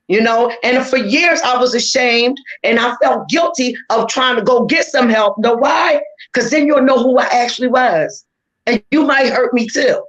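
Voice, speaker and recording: A woman's voice: on the high side, highs cut off. A woman giving an emphatic, earnest testimony on a panel, repeating phrases for weight. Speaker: panel guest sharing survivor story.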